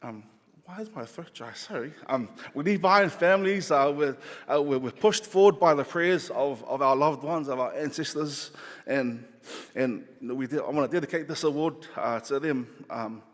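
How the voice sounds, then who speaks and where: Choked-up man accepting an award. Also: on the high side. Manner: halting, teary, self-deprecating, many ums. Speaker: award recipient, choir director. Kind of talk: emotional acceptance speech. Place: large awards venue. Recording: long hall reverb.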